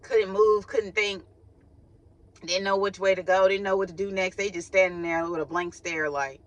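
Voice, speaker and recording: A woman's voice: medium pitch, steady tone, moderate pace. A woman hosting a faith channel, giving a casual spiritual reading in a chatty way and acting out sighing quotes, recorded without her microphone. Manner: chatty, laughs often, acts out quoted sighs.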